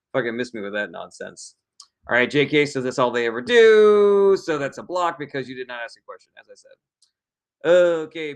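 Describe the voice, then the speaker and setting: A man's voice: medium pitch, a bit bright, smooth. A man answers questions from his live chat in a blunt, casual way, reading each message aloud before he replies.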